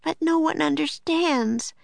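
A woman's voice: high-pitched, measured pace, vocal fry, no room sound, pitched above the performer's own voice, full character voice. A woman reading a story, voicing a young girl who is eager, bossy and insistent. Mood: urgent. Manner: urgent, insistent. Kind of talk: audiobook character voice.

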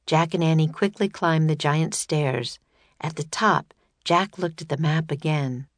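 A woman narrating a children's audiobook in a steady, measured reading voice. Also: deep voice, no echo.

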